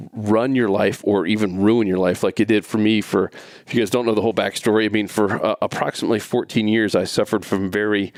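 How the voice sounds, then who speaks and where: A man's voice: mid-range voice, no echo. A man hosting a casual faith podcast, telling a story in a rambling way with many restarts. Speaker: podcast host.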